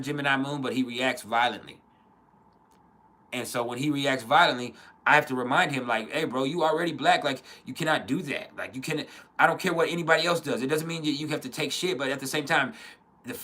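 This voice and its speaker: A man in his thirties speaks in an earnest, blunt way, swearing freely and restarting his sentences as he goes. His voice is bright and forward, at a middle pitch for a man. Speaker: podcast host. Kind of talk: casual spoken reflection.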